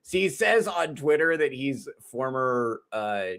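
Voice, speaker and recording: Animated, profane male comedian ranting. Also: medium pitch, measured pace. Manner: profane, rambling, exasperated, many fillers. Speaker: comedian and podcast host. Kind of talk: solo podcast monologue.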